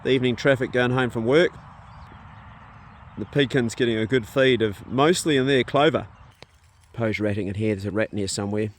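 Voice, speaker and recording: Male homesteader, relaxed vlog chat outdoors; talks to his animals; farm animals audible. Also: mid-range voice, brisk, slight background noise. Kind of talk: casual outdoor vlog commentary. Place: outdoors on a rural farm paddock. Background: sheep and dogs nearby.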